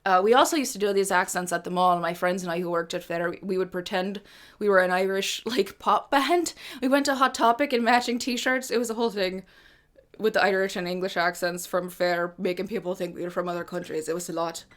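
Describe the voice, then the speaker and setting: A woman's voice: medium pitch, fairly quick, a bit bright. A woman hosting a live music stream, chatting casually between songs, rambling and swearing freely with self-mocking humor. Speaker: livestream host and singer.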